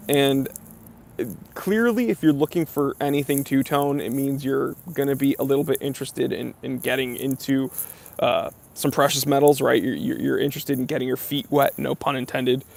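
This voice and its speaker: Gravelly-voiced man hosting a live Q&A. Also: medium pitch, a little mellow. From near New York. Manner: reads viewer comments aloud, chatty with many fillers. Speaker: live stream host. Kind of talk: casual live Q&A.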